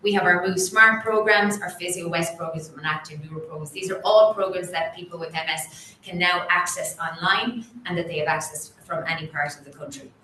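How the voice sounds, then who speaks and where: A woman delivers a formal report to a meeting in a clear, businesslike way, with a fairly low voice that has a bright, forceful edge. Her voice carries through an echoey room with a faint hum behind it. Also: brisk. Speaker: chief executive presenting at an annual meeting. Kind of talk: formal presentation.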